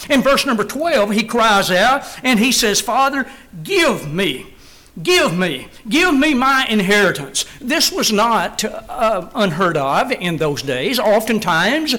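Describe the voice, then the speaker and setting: Middle-aged preacher guy, pretty high voice, earnest, hammers points home with repeats. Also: bright, forceful tone, poor audio. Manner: earnest, emphatic, repeats phrases for stress. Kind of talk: sermon.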